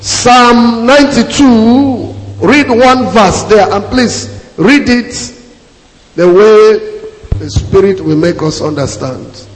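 A man's voice: high-pitched, lively intonation, slow. A man preaching a sermon as pastor, emphatic and repeating his key phrases to the congregation. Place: church hall. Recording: echoey hall with long reverb.

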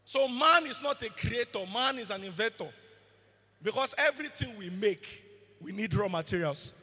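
A man's voice: sits high, lively intonation, moderate pace, pushed and bright, slightly rough. A man preaching a sermon as pastor, emphatic and asking the congregation questions. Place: church hall. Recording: long hall reverb.

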